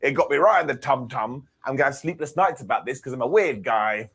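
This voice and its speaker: A man's voice: mid-range voice, animated, brisk, fairly bright tone, slightly rough. A man co-hosting a podcast, recapping wrestling in a playful, self-mocking way. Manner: playful, self-mocking storyteller who acts out quotes. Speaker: podcast co-host.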